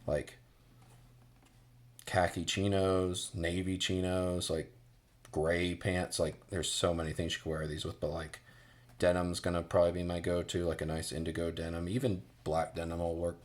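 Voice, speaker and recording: An American man giving a casual boot review, rambling with many fillers and restarts. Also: low-pitched.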